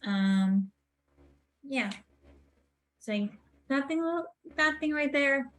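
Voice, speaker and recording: Casting note: woman game master, mid-pitched, easygoing, lots of ums. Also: measured pace, rough recording. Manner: relaxed, with frequent ums. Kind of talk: narrating a tabletop game.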